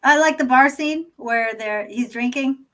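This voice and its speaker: A woman guest on a casual podcast chat, talking in a relaxed way with many fillers. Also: sits high, a little slow.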